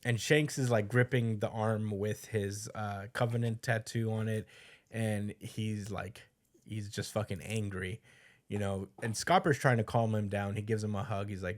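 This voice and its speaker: A man co-hosting a podcast, casually recapping a chapter with lots of fillers and quick put-on quotes. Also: fairly low pitch, fairly even intonation. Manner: loose storytelling with fillers, voices quotes. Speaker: podcast co-host.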